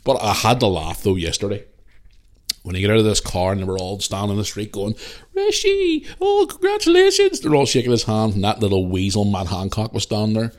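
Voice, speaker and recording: A man's voice: fairly low pitch, steady tone, quick pace. A man with a Northern Irish accent hosting a podcast, telling stories in a blunt, opinionated way. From Northern Ireland. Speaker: podcast host. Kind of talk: casual monologue.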